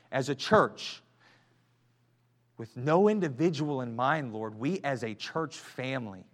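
A man in his thirties preaching a sermon in a church, building from quiet earnest talk to shouted fervor and back to soft prayer. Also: high voice. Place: church sanctuary. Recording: long church hall reverb.

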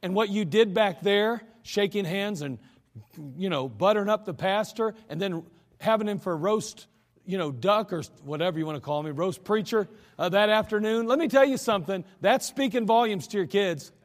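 High-voiced earnest preacher man. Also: normal speed. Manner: earnest, emphatic, conversational preaching. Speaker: pastor. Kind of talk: sermon. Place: church. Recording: echoey church hall.

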